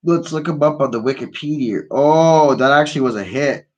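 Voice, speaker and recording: A man's voice: mid-range voice, normal speed, lo-fi sound. A man hosting a live call-in show from Canada, stoned and ranting about politics in a profane, rambling, mocking way. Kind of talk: casual stoned political rant.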